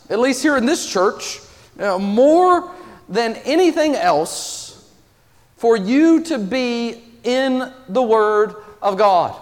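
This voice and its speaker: A man's voice: very high-pitched, big-room sound. A man preaching a sermon as pastor of his church, earnest and conversational, asking his congregation many questions. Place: church sanctuary.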